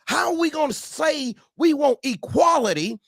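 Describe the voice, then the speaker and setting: A man's voice: very high voice, expressive, moderate pace, creaky, fairly bright tone, dry recording, studio quality. A man ranting angrily on a talk show, swearing constantly and repeating himself as he gets heated. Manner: angry, swearing, repetitive outbursts. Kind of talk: heated profane rant.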